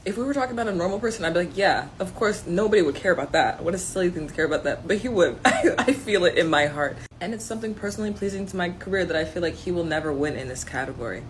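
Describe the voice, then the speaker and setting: Blunt, swearing young woman with a husky voice. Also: fairly low pitch. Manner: blunt, sarcastic, swears freely. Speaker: video commentator. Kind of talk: casual opinion monologue.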